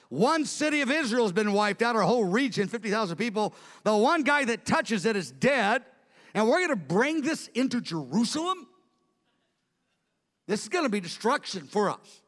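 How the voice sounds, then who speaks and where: A pastor, a man, preaching a fast, fervent Bible-teaching sermon to his church. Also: high voice, fairly bright tone, big-room sound.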